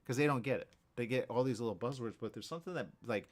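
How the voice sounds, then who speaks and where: A man hosting a radio morning show, talking casually in a rambling, animated way full of restarts and asides. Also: mid-range voice, quick pace. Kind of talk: casual talk show monologue.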